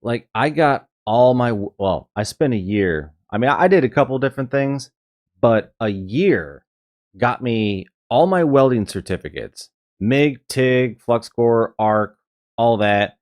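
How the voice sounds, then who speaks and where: A man's voice: mid-range voice, expressive, unhurried, darkish tone. A man giving reaction commentary, lecturing in an emphatic way.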